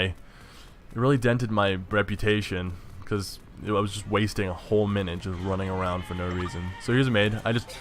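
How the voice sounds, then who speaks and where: A man giving casual gameplay commentary, excitable, swearing and stumbling over his words, with faint game music behind. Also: on the low side, a little hiss or hum. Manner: excitable, swears, stammers and restarts. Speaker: let's play commentator.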